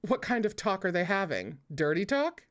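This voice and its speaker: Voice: medium pitch, a bit bright, close to an everyday voice. A reader doing a blustering young nobleman. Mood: scoffing. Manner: blustering, quick to scoff. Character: brash indignant young nobleman.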